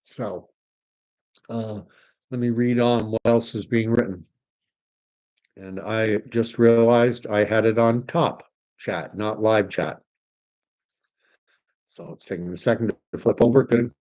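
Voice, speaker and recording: A man's voice: on the low side, steady tone, slow pace, pauses often, darkish tone. A man hosting a livestream, reading viewer comments aloud in a casual, hesitant way with many fillers. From Canada. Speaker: livestream host. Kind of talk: casual live chat reading.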